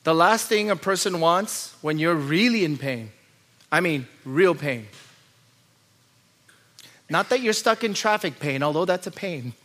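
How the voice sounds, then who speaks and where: Bright high-voiced preaching man. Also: animated, measured pace, pauses often. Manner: swings from low quiet asides to loud high-pitched urgent pleading; rhetorical questions and repeated lists. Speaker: pastor. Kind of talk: sermon.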